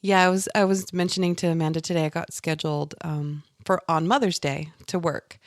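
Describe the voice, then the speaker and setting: Lady podcast cohost in her 30s, lowish voice, laughs a lot, swears, dry close mic. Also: fairly quick, no room sound. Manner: animated storyteller, laughs often, swears casually. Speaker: podcast co-host. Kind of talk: casual chat.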